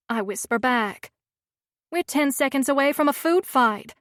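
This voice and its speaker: A woman's voice: high voice, a little slow, dry recording, clean studio sound. A woman narrating a romance audiobook in the first person, with a wry, sardonic manner.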